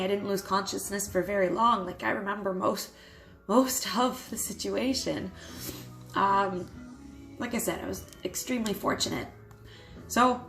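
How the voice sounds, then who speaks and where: A young adult woman telling a personal story to camera in a vlog, candid and quick to swear, with nervous little laughs. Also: mid-range voice, fairly bright tone, rough recording. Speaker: vlogger.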